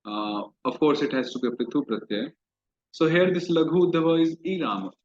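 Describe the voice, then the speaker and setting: A man's voice: a little high, animated, fairly quick, a little mellow. Patient male grammar teacher. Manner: patient step-by-step explaining, repeats terms. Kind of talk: recorded online class lecture. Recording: dull lo-fi recording.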